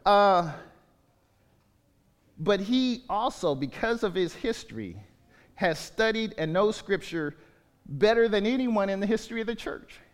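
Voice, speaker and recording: A man preaching a sermon as pastor, animated, swinging from quiet asides to raised exclamations and acting out quotes. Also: sits high, unhurried, pauses often. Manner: animated, with sudden rises and drops and acted-out quotes. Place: church sanctuary. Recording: long hall reverb.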